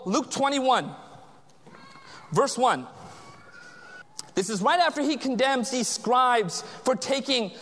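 A man's voice: very high voice, fairly bright tone. A man preaching a sermon as pastor, quizzing the congregation with call-and-response questions. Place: large church sanctuary. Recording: long church reverb.

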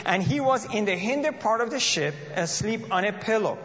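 This is an earnest church sermon in which a man reads scripture aloud, frequently restarting and repeating phrases. His high-pitched voice is expressive and a bit bright, moving at a moderate pace. The sound is dull, lo-fi and reverberant from the hall.

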